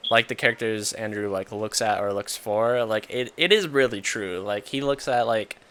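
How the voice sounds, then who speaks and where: A man's voice: fairly low pitch, moderate pace, a bit bright, clear, resonant tone. A man talking casually about video games, rambling with lots of fillers and restarts. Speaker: podcast co-host. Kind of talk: casual gaming chat.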